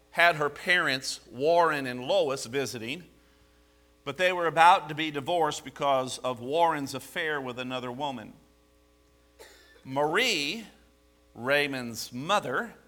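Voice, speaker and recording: A man preaching a sermon, animated, asking the congregation rhetorical questions. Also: fairly high pitch. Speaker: pastor.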